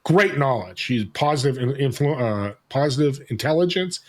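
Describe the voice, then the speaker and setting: Energetic man on a podcast. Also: medium pitch, normal speed. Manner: energetic, animated, acts out quoted dialogue. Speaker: podcast guest. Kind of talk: casual conversation.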